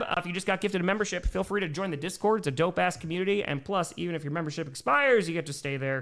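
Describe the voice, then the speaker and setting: A man's voice: on the high side, fast, gravelly. A young man hosting a live stream, reading viewer messages aloud, thanking them, and calling the plays. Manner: bursts into excited play calls. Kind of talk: live play-by-play and chat reading.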